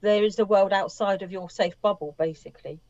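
A woman's voice: mid-range voice, brisk, a little mellow, dry recording. Reflective woman on a dry, muffled line. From England, Isle of Wight. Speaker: film podcast co-host. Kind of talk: casual film review chat.

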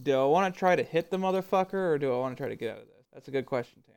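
A man's voice: fairly high pitch, animated, racing, gravelly, a little mellow, clean tone. A man playing a tabletop game, musing aloud and swearing at bad rolls. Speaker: player. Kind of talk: casual tabletop play.

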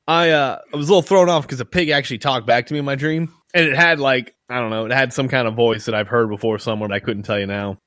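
Casting: fast-paced male podcast host, rambling and foul-mouthed, dry close-mic sound. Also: mid-range voice, fairly bright tone, no echo. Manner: rambling, swears a lot, lots of fillers. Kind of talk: casual storytelling chat.

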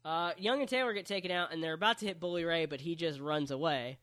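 A man with a fairly high voice talks through a match for a podcast in a relaxed, chatty way. He jokes as he goes and describes the action step by step. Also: fast talker. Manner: joking, play-by-play recap. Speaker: podcast co-host recapping wrestling. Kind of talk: casual chat.

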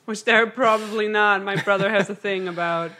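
Woman, podcast co-host, casual joking banter, mid pitch, bright tone. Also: steady tone, fairly quick. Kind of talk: casual chat.

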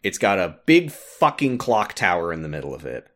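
A man with a fairly low voice that jumps around a lot in pitch, talking through a game's story in casual podcast chat. He laughs often and leans on little "uh"s as he explains. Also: normal speed. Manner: animated, laughs often, recaps with filler "uh".

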